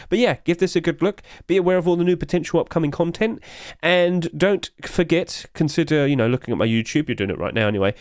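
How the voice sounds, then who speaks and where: Male YouTuber, higher-pitched, smooth clear voice, rushed and breathless, dry close sound. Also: no echo. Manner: hurried, rapid-fire delivery. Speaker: YouTube host. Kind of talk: casual game skin review commentary.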